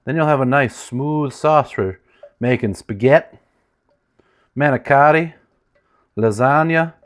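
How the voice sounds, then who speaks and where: A chatty, joking man walks through a recipe in his home kitchen. His voice sits in an ordinary middle range and swings between bright, louder bursts and low asides. Now and then he drifts away from the microphone. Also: a little slow. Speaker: home cook host. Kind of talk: casual cooking demonstration.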